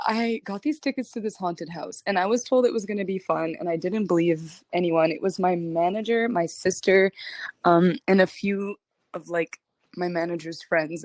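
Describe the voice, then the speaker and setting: A young adult woman talks to her fans on a livestream in a loose, animated storytelling style. She leans on "like" constantly and breaks into laughter between phrases. Her voice sits at an ordinary middle pitch. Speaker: singer chatting with fans.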